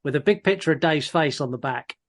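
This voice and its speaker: Fairly high-pitched and fairly quick, a male co-host chuckles his way through a casual podcast. He keeps restarting his thoughts as he shares messages sent in by listeners.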